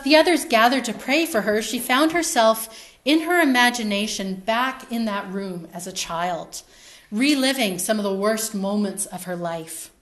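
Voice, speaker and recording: A woman preaching a sermon in a reflective, storytelling manner, her phrases trailing off softly. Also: medium pitch.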